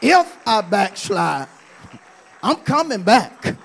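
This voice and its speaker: Male bishop, high gravelly voice, fiery call-and-response sermon. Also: sing-song, slow pace, a faint crowd. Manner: fiery call-and-response preaching, swinging from hushed to shouting. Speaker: bishop preaching.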